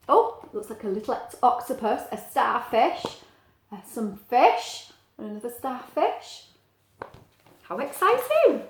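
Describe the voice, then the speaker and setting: A middle-aged woman teacher reading a picture book aloud to children, gentle and animated, asking the listener questions. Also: on the high side. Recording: echoey room.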